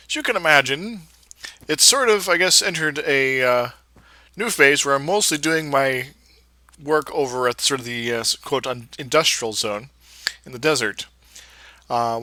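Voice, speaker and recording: A man's voice: medium pitch, sharp tone, no room sound. A man giving casual, rambling commentary over his own gameplay, full of fillers and restarts. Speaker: Let's Play creator.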